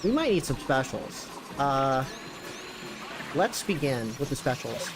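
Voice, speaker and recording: A young man chatting excitedly while streaming a video game, with sudden jumps in pitch. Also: unhurried, noisy background. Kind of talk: casual gameplay commentary.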